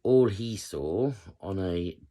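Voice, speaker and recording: Low-voiced woman telling a story. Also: lively intonation, slow, mellow. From England. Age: 50s. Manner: chatty, rambling with many fillers. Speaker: vlogger. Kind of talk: casual storytelling.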